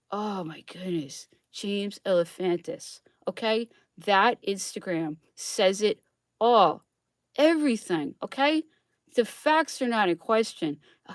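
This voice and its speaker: A woman with a mid-range voice hosts an astrology show as a casual, chatty monologue, recorded dry at studio quality. She laughs often and keeps checking in with her listeners by asking "okay?"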